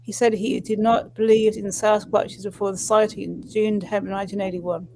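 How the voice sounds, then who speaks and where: A woman co-hosting a livestream, reading a news article aloud at a steady pace with small restarts. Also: mid-range voice, normal speed, a little hiss or hum, poor audio.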